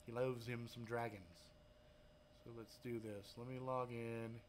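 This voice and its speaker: A man from Hawaii hosting a live stream, telling stories and answering chat in loud, profane, animated talk. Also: mid-range voice, unhurried, slight background noise. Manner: reads chat aloud and talks to viewers.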